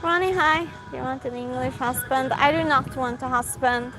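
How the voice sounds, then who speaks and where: A woman's voice: sits high, normal speed, poor audio. A woman, chatting casually and giggling as she reads out live comments while walking outdoors at night. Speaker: livestreamer. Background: music from a passing car.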